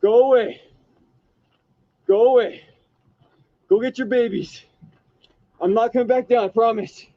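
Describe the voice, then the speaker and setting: A frightened man outdoors, frantically yelling and cursing at a wild animal to go away, recorded on a handheld camera. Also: very high-pitched, steady tone, unhurried, pauses often. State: frightened, heart racing. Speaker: hiker filming a wild animal. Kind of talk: panicked shouting at an animal. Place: outdoors on a trail. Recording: dull lo-fi clip.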